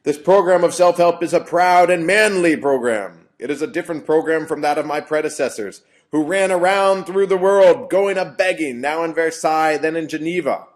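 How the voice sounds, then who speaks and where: A man doing a ranting dictator who yells his speech from the podium, loud, raised in pitch and pushed hard. The voice strains upward and punches each phrase. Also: normal speed, natural voice. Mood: yelling. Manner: yelling, declaiming.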